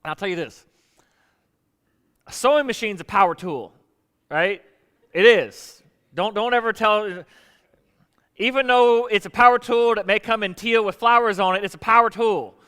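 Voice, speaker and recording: Bright, high-voiced pastor preaching. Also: male voice, moderate pace, pauses often, smooth, big-room sound. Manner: animated, joking asides to the congregation. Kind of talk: sermon. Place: church sanctuary.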